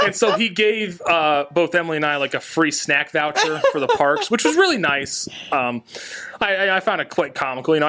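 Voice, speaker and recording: A young man telling a family trip story on a casual podcast, animated and laughing at himself. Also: a little high, moderate pace.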